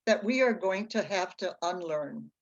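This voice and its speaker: A woman reads prepared reflections at a slow, deliberate pace, going point by point. Her voice comes through a dull, muffled recording. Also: lowish voice, lively intonation.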